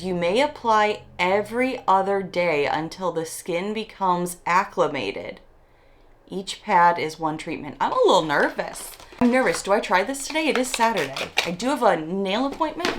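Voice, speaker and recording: A woman beauty vlogger in a chatty, excitable unboxing, reading product labels aloud, with her morning voice. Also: medium pitch. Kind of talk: casual unboxing chat.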